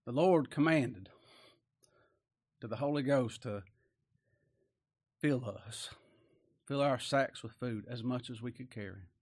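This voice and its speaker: A man preaches a Bible study sermon in homey, folksy language. He reads the verses aloud with raised emphasis, then drops to soft, confiding asides. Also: medium pitch, slow pace, pauses often.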